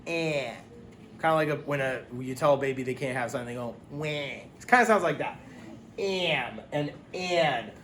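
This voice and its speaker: A male teacher giving a phonics lesson to young children, sounding out letters slowly and clearly and offering encouragement. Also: fairly high pitch, fairly bright tone, roomy sound, slight background noise. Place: classroom.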